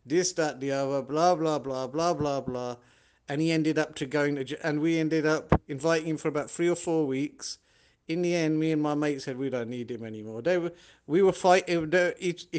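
A man, telling stories from his own past in casual talk and acting out what other people said. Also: a little high. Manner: animated, acts out other people's lines. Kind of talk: casual storytelling monologue.

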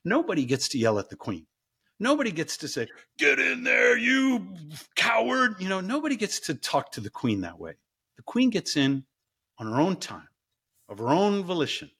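A man, a professor, telling stories as a guest in an interview in an animated, playful way. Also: medium pitch, husky.

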